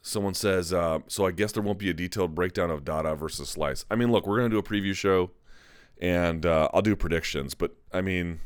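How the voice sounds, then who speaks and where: A man's voice: deep voice, brisk, clear, resonant tone, no echo, clean studio sound. A man hosting a live chat, talking candidly in a rambling, self-correcting way. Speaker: MMA live chat host. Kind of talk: casual live-stream commentary.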